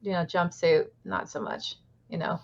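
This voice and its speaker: A woman's voice: on the low side, steady tone, moderate pace. A woman co-hosting a comics podcast in casual chat, blunt and sarcastic with many fillers. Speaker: podcast co-host. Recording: slightly dull lo-fi sound.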